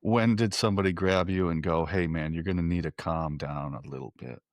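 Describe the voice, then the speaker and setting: Man, podcast host, very deep voice, relaxed, dry close mic. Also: fairly quick, no room sound. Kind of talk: interview.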